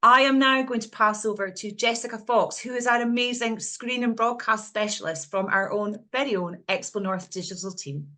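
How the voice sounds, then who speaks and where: A woman's voice: a little high, moderate pace, hardly any pauses, sharp tone. A woman reading a formal scripted welcome to open an online session. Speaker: session presenter.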